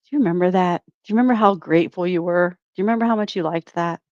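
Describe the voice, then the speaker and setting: Lady snarking through a reaction vid, lowish voice, kinda dull lo-fi mic. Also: racing, darkish tone, dry recording. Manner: mocking, laughs often. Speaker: reaction channel host. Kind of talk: sarcastic reaction commentary.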